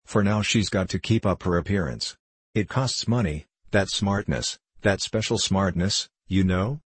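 In a dry recording, a man with a low, unhurried voice and a breathy edge reads an audiobook character: a drunken, self-pitying, middle-aged former clerk. He rambles and pleads, then rises into fervent declaiming.

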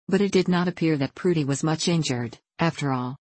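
A woman narrating a children's storybook in a gentle, even reading voice. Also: low voice, a little fast, no echo.

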